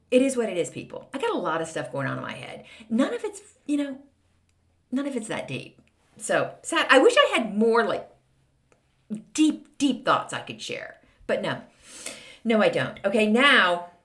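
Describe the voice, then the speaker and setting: A woman's voice: on the low side, fairly bright tone. A middle-aged American woman hosting her own podcast, telling snarky stories in a casual solo monologue with dramatic asides. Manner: snarky, exaggerated storytelling with dramatic voices. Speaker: podcast host.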